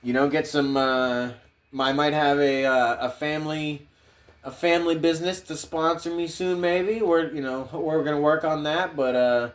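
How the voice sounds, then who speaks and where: A man's voice: on the high side, steady tone, moderate pace. A man hosting a podcast, rambling casually with heavy swearing. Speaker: podcast host.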